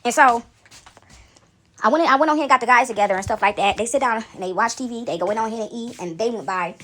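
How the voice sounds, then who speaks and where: A woman's voice: fairly high pitch, fast, fairly bright tone. A woman casually telling a story to her viewers, chatty and talking straight to them. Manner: chatty, addresses viewers as y'all.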